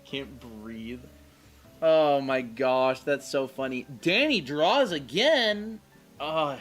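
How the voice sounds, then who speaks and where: A woman's voice: a bass voice, lively intonation, slow. A woman co-hosting a live art stream, chatting casually and joking playfully. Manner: playful and jokey. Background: faint Christmas music.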